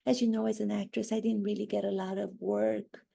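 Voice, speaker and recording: A woman's voice: mid-range voice, level tone, fairly quick, vocal fry, mellow, husky. A woman playing a haughty, self-absorbed duchess in a rambling parody monologue.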